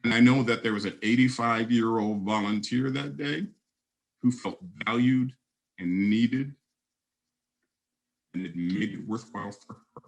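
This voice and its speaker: A man's voice: mid-range voice, unhurried, pauses often, rough recording. A man in his fifties giving a conference keynote, telling stories and speaking straight to the audience.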